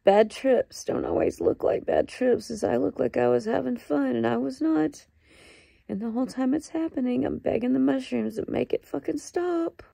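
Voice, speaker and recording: A woman recording a raw confessional diary clip, halting, upset and close to tears, swearing as she talks. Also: a little high, sing-song, gravelly, warm tone, no echo. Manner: halting, distressed and ashamed, with swearing. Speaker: vlogger.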